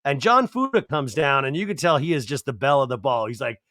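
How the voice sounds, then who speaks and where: A man hosting a podcast, giving an animated, digressive, jokey recap of a reality show. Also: medium pitch, fast, no echo, clean studio sound. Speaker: podcast host. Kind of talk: casual comedic TV recap.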